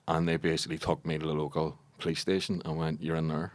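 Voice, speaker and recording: A man in his forties with a Belfast accent, a comedian guest on a podcast telling animated stories and acting out quoted voices. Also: very deep voice, fast talker. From Northern Ireland. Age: 40s. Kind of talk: casual podcast chat.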